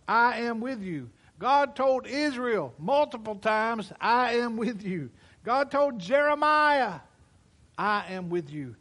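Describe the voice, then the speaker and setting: A man preaches a sermon. He takes his time, leaning on each phrase and circling back to repeated refrains. The delivery is that of a pastor speaking to his congregation. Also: high-pitched.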